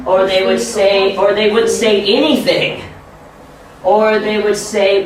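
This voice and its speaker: An American man talks a room of teachers through classroom advice in a loose, animated way, breaking into little acted-out quotes and laughter. He sounds far from the mic, and the room rings with heavy echo. A faint room hum sits underneath. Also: sits high, takes it slowly. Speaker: ESL teacher trainer. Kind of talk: informal training talk. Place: training room.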